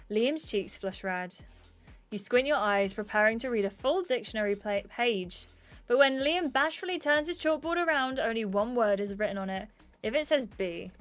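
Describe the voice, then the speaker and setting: A woman's voice: medium pitch, normal speed, faint music behind. A woman streamer reading a dating game aloud, voicing its characters and chatting with viewers. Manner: reads narration and dialogue aloud, chatting with viewers. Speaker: gaming streamer.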